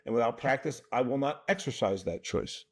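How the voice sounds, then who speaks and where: Earnest New coach, emphatic. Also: male voice, medium pitch, expressive, fairly quick. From New Jersey. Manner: earnest, emphatic, often checks in with "right?". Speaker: mental toughness coach, guest. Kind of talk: podcast interview, explaining.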